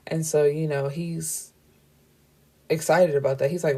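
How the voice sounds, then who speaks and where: A woman's voice: low voice, fairly even intonation, measured pace, pauses often, warm tone, slightly rough. A woman book reviewer casually recapping a novel's plot, chatty and gushing, with lines of dialogue retold in between.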